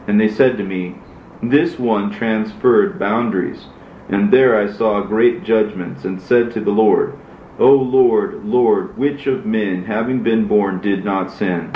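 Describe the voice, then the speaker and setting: A low-voiced man reads scripture aloud, measured and solemn. His voice sits in a roomy space, and the recording sounds dull and lo-fi. A faint hiss runs underneath. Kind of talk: scripture reading.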